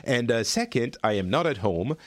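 A man's voice: mid-range voice, moderate pace, no room sound. A man hosting a gaming podcast from an office, chatting casually and joking. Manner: lively, joking, self-deprecating. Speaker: podcast host. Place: office in Paris with people working nearby.

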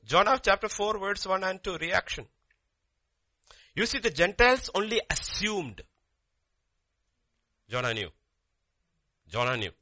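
A male pastor delivering a sermon with a bright, forceful voice pitched a little high. He swings between loud, climbing exclamations and low, hushed lines, reading scripture aloud as he goes. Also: a little slow, pauses often. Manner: animated preaching with sudden pitch jumps and quiet drops.

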